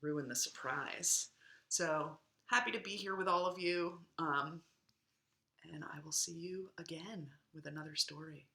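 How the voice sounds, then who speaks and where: A young woman reading a children's picture book aloud as a storytime reader, in an expressive, sing-song storytelling manner. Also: sits low, a little slow. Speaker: storytime reader for a parks department.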